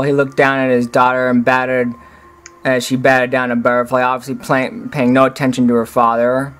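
A man narrating a fan-written story, reading haltingly with frequent restarts. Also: mid-range voice, completely flat delivery, fairly bright tone, clear, resonant tone. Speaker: reader.

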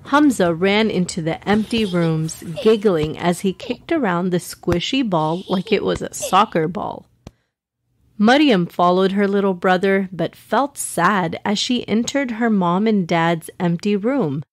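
Slow, gentle woman storyteller. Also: mid-range voice, slight background noise. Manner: gentle and expressive. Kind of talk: children's story narration.

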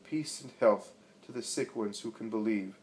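A man voicing Jesus, a stern, commanding male teacher, in a storybook reading with solemn, forceful declaiming. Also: fairly low pitch, normal speed, close to an everyday voice, rough recording. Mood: gentle.

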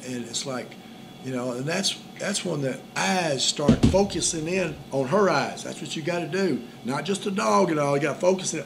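A man's voice: on the high side, normal speed, creaky. A man co-hosting a casual joking chat about dating, rambling and repeating himself as he goes. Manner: rambling, repeats "and all" and "it's like". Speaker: co-host giving dating tips. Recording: noisy background.

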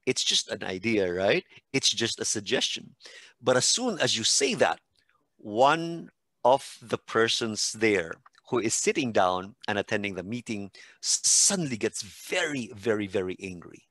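Animated man explaining in a dry room. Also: lowish voice, unhurried, dry recording. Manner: animated, explains through long hypothetical examples. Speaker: podcast co-host, doctor explaining psychology. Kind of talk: explanatory podcast talk.

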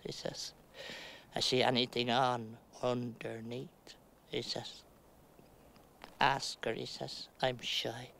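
An actress playing a stoic middle-aged woman, giving a slow, halting stage monologue with long pauses. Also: rumbling low, gravelly, slight background noise, heavily acted.

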